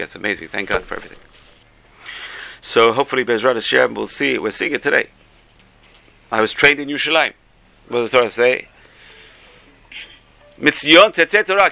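A man, a rabbi, giving an animated Torah class, telling stories and mixing in Hebrew phrases. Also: a little high, gravelly.

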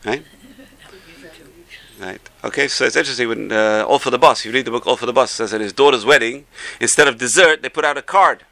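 A man, a rabbi, giving an animated Torah class, telling stories and mixing in Hebrew phrases. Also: medium pitch, brisk, creaky.

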